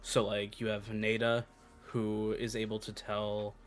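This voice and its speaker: A man's voice: fairly low pitch, monotone, unhurried. A man co-hosting a podcast, talking casually and hesitantly about a book. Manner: hesitant, many fillers and restarts. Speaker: podcast co-host.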